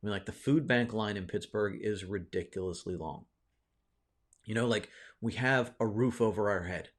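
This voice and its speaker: A man's voice: on the low side, normal speed. Rambling, reflective man telling a story. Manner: rambling, many fillers and restarts, asks "right?"; reflective, encouraging. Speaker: video host. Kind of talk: casual personal storytelling.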